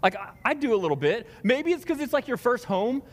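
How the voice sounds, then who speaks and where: A man's voice: very high-pitched, very animated, a little fast. A man speaking as pastor, giving casual announcements to his congregation in a rambling, self-deprecating way full of tangents. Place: large church hall before a congregation. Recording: long reverb of a large hall.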